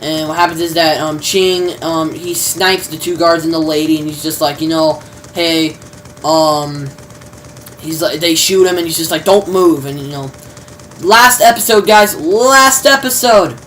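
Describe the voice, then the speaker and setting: A woman casually recaps a TV episode, rambling along with lots of fillers, restarts and a bit of slang. Her voice is low, level in tone and moderately paced, picked up by a distant mic over faint background noise.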